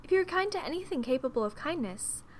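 A woman voicing a gentle, shy young woman who speaks softly, earnestly and politely in a storybook reading. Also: high-pitched, animated, fast, a little hiss or hum, voice pushed up.

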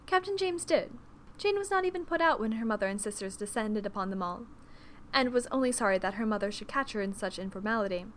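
A woman narrating an audiobook in an expressive, measured storytelling manner. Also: mid-range voice, a little hiss or hum.

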